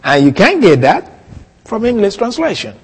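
A man preaching an expository sermon, teaching in a deliberate way and repeating key points for emphasis. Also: high-pitched, huge pitch swings, slightly rough. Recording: long reverb of a hall.

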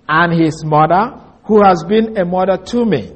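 A man preaching an expository sermon, reading scripture slowly and stressing key words. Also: high-pitched, husky.

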